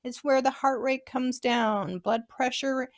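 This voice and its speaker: Brief: female co-host, clear explanatory delivery, somewhat high voice. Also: steady tone, takes it slowly. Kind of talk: health talk show.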